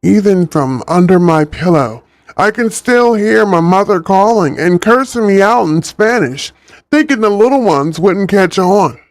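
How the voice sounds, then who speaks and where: A man's voice: sits high, animated, measured pace, no echo, clean studio sound, soft background music. Laid-back man reading a story aloud. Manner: laid-back, chatty, ad-libbing. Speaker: streamer reading a book. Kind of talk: casual livestream story reading.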